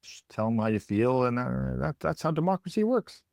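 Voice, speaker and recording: A Canadian man co-hosting a podcast, talking in a halting, plain-spoken way with frequent restarts. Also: medium pitch, big pitch swings, vocal fry, darkish tone, no room sound, clean studio sound. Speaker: podcast co-host. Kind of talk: casual chat.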